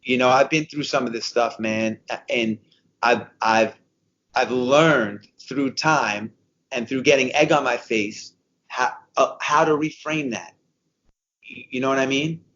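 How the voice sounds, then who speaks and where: A man in his fifties talks through his stories with drive, circling back and repeating phrases to hammer a point home. His voice sits at an ordinary middle pitch. The sound is a little dull and lo-fi. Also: measured pace. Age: 50s. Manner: energetic storyteller, repeats himself for emphasis. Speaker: guest. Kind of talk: conversational podcast interview.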